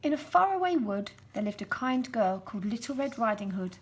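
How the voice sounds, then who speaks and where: A woman gently reading a children's storybook aloud, slow and expressive. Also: a little high, husky.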